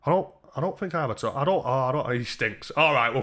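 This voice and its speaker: A man's voice: mid-range voice, animated, quick pace, fairly bright tone. A man hosting a live stream, talking in blunt, sweary, laddish banter while reacting to donations. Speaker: livestream host. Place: seated under a bright light indoors.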